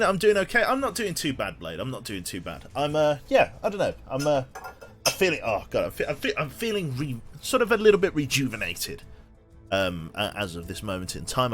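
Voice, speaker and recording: Man, young adult, game streamer, very animated pitch, rambling, cursing, restarts, soft background music. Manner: rambling, swearing, many restarts. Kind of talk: casual live-stream chat.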